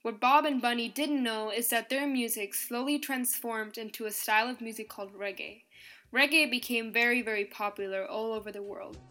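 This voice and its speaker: A woman's voice: a little high, moderate pace. Woman narrating a scripted podcast. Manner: reads from a script in an even, explanatory tone, counting beats aloud.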